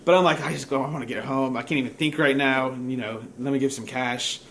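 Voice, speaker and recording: A man's voice: mid-range voice, fairly even intonation, quick pace, a bit bright. Young male pastor, casual self-deprecating sermon storyteller, mid-range voice, faint noise behind. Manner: casual and self-mocking, laughing at himself.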